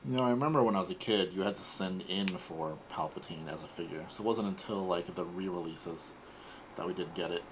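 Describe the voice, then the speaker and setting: A man in his forties hosting a casual toy unboxing, talking in a relaxed, rambling way. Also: deep voice, brisk, background noise. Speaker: toy collector host.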